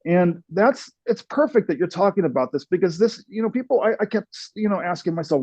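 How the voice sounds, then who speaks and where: A man's voice: high voice, lively intonation, a little fast, a little mellow, breathy edge, no echo. A man hosting a casual chat, talking enthusiastically and laughing often. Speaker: host. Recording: dull dry sound.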